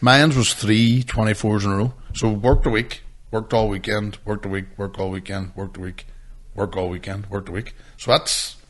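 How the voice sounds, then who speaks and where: A man's voice: lowish voice, fairly even intonation, normal speed, fairly bright tone. A man co-hosting a podcast, telling jokey, sweary stories in casual banter. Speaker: podcast co-host.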